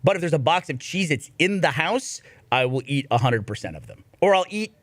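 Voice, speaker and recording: A man's voice: a little high, fairly quick, no room sound. A man co-hosting a podcast in casual chat, joking and telling stories. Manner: animated, joking storyteller. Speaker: podcast co-host.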